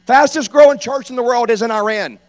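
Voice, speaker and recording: A man preaching a sermon, telling stories in a rambling, animated way that rises to fervent preaching. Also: very high voice, moderate pace. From North Louisiana. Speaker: pastor and hospice chaplain.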